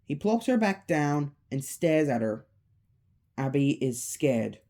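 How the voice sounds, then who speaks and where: A woman retelling a spooky fan story in a relaxed, offhand way. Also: sits low, slow. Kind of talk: casual storytelling.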